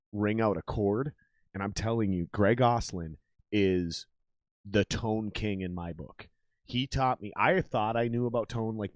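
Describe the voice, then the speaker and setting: Guy ranting casually on a podcast, kinda low voice, cusses a lot, dry close mic. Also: no echo. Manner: emphatic, profane, animated. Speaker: podcast host.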